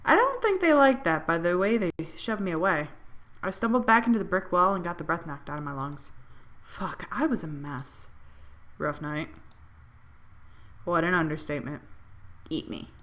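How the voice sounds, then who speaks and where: Streamer, woman, reads story-game narration with bite and attitude, low-pitched. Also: moderate pace, pauses often. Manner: expressive, sardonic, swears freely. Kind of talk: dramatic reading of a visual novel.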